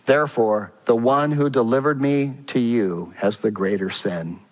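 A man voicing Jesus as a calm, merciful figure, speaking low and solemnly. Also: a little slow, long reverb tail, dull audio, close to an everyday voice.

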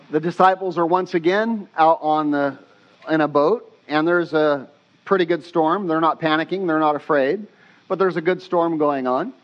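Animated male pastor preaching. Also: a little high, unhurried, dull audio. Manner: animated storytelling, casual slang. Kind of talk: sermon.

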